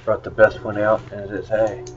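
A man's voice: lowish voice, slow pace. A man giving a casual Bible lesson, rambling and conversational with many fillers. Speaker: Bible study teacher. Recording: dull lo-fi recording with faint noise.

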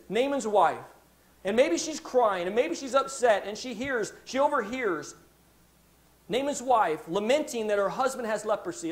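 A man preaching a sermon in a church, telling a Bible story and acting out its characters' words. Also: very high voice. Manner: animated preaching, acts out quoted voices. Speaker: pastor.

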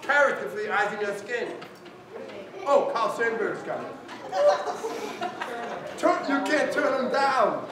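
A man's voice: very high-pitched, lively intonation, measured pace, long pauses, crowd noise. A man telling a folk tale to schoolchildren, coaxing answers from them and drawing words out for suspense. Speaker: storyteller. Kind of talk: interactive storytelling for children. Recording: echoey school hall from far off. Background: children's audience.

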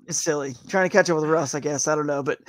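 A man's voice: on the high side, steady tone, fast talker, fairly bright tone, dry recording. A man chatting as a guest on a live interview show, rambling and upbeat, saying "man" and "dude" a lot. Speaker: guest, tournament kayak angler.

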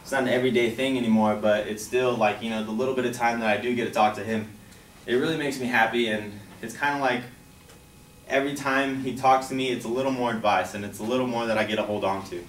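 A young man telling a personal life story in a casual, halting way, full of "like" and "you know". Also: mid-range voice, fairly even intonation. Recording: echoey, distant from the mic, faint background noise.

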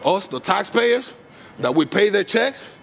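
A man filming public workers on a city street with a handheld camera, talking loudly and insistently and swearing often. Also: high voice, very animated, measured pace, creaky, a crowd in the background. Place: outdoors on a city street by a post office.

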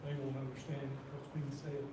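A man preaching a sermon in church, reading scripture slowly and repeating words as he talks. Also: medium pitch, completely flat delivery. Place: church sanctuary. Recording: roomy echo from far off, faint noise.

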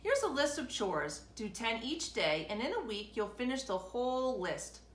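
A woman voicing a patient older grape shopkeeper from a storybook, slow and thoughtful. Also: fairly high pitch, sing-song, reverberant.

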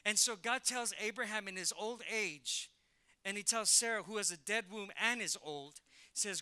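A middle-aged male pastor preaching a sermon in an animated way, acting out Bible characters in casual slang. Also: sits high, moderate pace, clear, resonant tone.

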